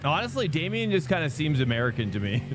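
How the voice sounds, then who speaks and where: A man's voice: on the high side, sing-song, fast talker, over music. A young man streaming a sim race live, rambling and chatting with viewers. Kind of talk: live stream chat while racing.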